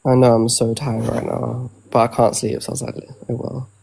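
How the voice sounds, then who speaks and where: A man chatting casually on a live stream, throwing out teasing slang compliments. His voice has a gravelly, creaky edge. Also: mid-range voice, level tone, a little fast, warm tone. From outside the US.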